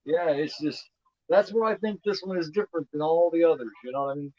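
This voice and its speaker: A man in his fifties hosts a casual movie commentary in a mellow, slightly high voice at a quick pace. He rambles and repeats himself, saying "you know what I mean" a lot, and the sound is dull and lo-fi.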